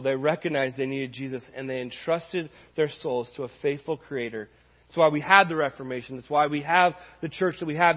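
Man, pastor, sermon, earnest storytelling, husky voice, long hall echo. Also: fairly high pitch, muffled recording. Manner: earnest storytelling, acting out dialogue.

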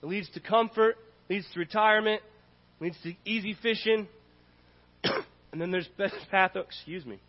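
Earnest high-voiced man preaching. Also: normal speed, long pauses. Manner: earnest, repetitive preaching cadence. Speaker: pastor. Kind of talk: sermon. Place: church sanctuary. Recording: dull audio in a reverberant hall.

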